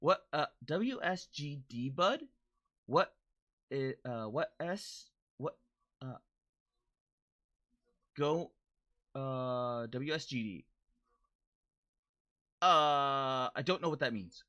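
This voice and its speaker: A woman streamer talks in an unhurried, rambling way at a desk mic. Her pitch jumps around a lot and her tone is bright. She often trips over restarts as she chats with viewers. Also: animated. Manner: rambling, stumbling restarts and frequent laughter. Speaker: livestreamer. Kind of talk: casual chat while reading viewer messages.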